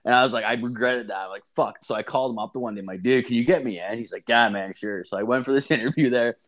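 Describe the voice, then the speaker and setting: A man's voice: mid-range voice, quick pace, a bit bright. A man co-hosting a podcast, telling a rambling story in casual chat, swearing constantly and laughing often. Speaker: podcast co-host.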